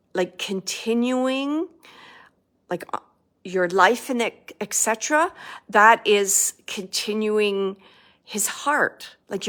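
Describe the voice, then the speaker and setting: A woman working as a medium, relaying messages for a sitter in a halting, searching way. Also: medium pitch, a bit bright. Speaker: psychic medium.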